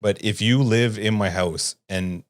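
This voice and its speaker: A man co-hosting a gaming podcast in casual chat, laid-back and teasing, often trailing off quietly. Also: fairly low pitch, a little slow. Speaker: podcast co-host.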